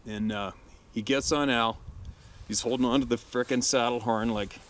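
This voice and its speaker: Laughing hunting guide telling a story. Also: male voice, medium pitch, moderate pace. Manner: laughs often, crude and animated when quoting. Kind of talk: casual storytelling.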